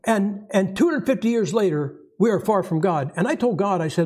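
Male preacher, higher-pitched voice, folksy conversational sermon delivery. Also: expressive, fairly quick, few pauses, mellow, slightly rough. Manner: folksy, conversational, acts out quotes with rising pitch.

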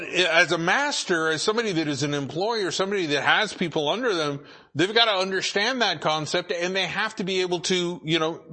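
A man preaching a sermon as pastor, halting with many repeated words and filler sounds. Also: high voice, bright, forceful tone.

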